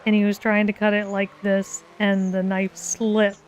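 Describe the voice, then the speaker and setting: A woman's voice: mid-range voice, monotone, a little slow, a little hiss or hum. A young woman casually telling a story on a live stream, laughing often as she talks. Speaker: co-host of art and gaming stream.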